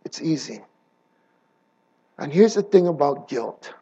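A man preaching a sermon, swinging between hushed and impassioned and asking the audience rhetorical questions. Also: fairly high pitch, animated, slow, slightly rough, muffled recording.

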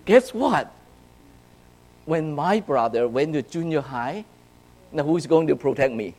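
A man from China preaching to young people, telling a personal story with animated swings between hushed and loud, often checking in with "right?" and "okay?". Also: fairly high pitch, unhurried, poor audio. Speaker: youth speaker.

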